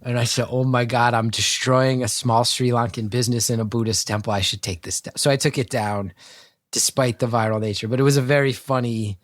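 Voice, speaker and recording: Profane, animated man over a video call. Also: mid-range voice, a little fast, no echo, clean studio sound. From North Jersey, United States. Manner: animated, profane, self-deprecating storytelling. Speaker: guest storyteller. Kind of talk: casual anecdote told on a video call.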